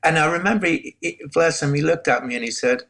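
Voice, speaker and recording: A man, a podcast guest candidly telling his personal testimony with halting restarts and self-deprecating asides. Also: a little high, fairly bright tone. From Northern Ireland.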